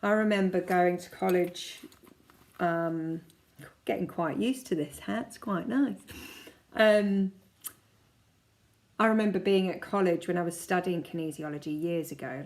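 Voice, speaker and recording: A woman in her forties, a kinesiology practitioner, chatting casually as she guides listeners through calming exercises step by step. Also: fairly low pitch, unhurried, gravelly, pauses often. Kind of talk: casual self-help teaching.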